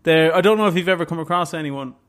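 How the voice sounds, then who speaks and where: A man co-hosting a podcast, reading a scripted story and then hedging playfully when he is questioned. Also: on the high side. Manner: reads in measured tones, then hedges and stalls playfully when questioned. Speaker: podcast co-host presenting the story. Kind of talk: scripted narration mixed with casual banter.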